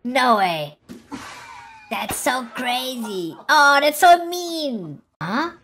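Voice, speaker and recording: A woman hosting a reaction video, excitable, gasping and laughing with constant exclamations over the clips. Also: high voice, drawn-out words, a little hiss or hum. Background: clip sound and music playing.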